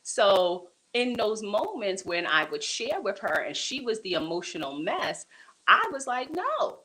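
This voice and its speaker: Bright, lively-voiced woman talk show guest. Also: mid-range voice, unhurried, poor audio. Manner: animated, laughing often, many fillers and restarts. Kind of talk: conversational interview storytelling.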